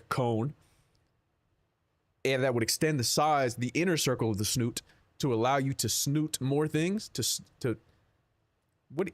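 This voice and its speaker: With a mid-range voice and no echo, a young livestreamer talks loosely with his audience and responds to chat. His delivery is rambling, profane and full of jokes.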